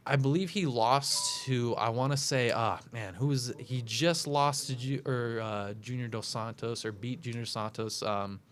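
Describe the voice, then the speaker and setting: A man's voice: medium pitch, steady tone, unhurried, few pauses, fairly bright tone. A man hosting a casual talk show, breaking down upcoming fights with lots of fillers and self-corrections. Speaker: podcast host making fight picks.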